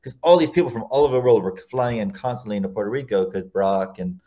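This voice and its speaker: A man in a relaxed interview, recounting his story at length as a guest. His voice sits on the lower side, and he rambles, circling back and rephrasing as he goes. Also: fast. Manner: rambling, self-correcting anecdotes.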